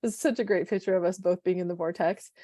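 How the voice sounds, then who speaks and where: A woman's voice: lowish voice, quick pace, no echo, studio quality. A woman in her fifties co-hosting a casual podcast, telling stories with animation and acting out the dialogue. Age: 50s. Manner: animated storyteller who acts out quoted dialogue. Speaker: podcast co-host.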